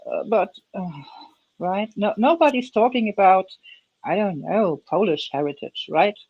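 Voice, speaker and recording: Slow, husky woman in her fifties. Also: medium pitch, dry recording, dull audio. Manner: hesitant, repeats words when thinking. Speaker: livestream guest. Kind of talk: casual chat.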